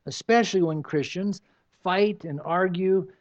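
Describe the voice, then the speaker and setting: An older man preaching in a loose, conversational way, often dropping into little acted voices to make a point. His voice sits high for a man. The recording sounds dull and lo-fi. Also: unhurried. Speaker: pastor. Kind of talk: sermon.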